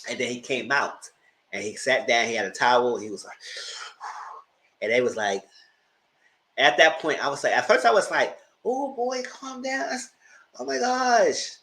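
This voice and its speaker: Chatty guy recapping tv, voice jumps all over, bright tone, dramatic. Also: moderate pace, long pauses, rough recording. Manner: animated storyteller, acts out quotes with high-pitched outbursts; laughs often, chatty and dramatic. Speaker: TV show reviewer. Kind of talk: casual recap commentary.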